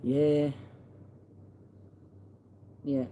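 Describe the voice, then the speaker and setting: Mellow-voiced blunt Australian man. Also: a little high, level tone, measured pace, pauses often, a little hiss or hum, rough recording. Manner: blunt, salty and chatty, retelling conversations. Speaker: vlogger. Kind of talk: casual storytelling.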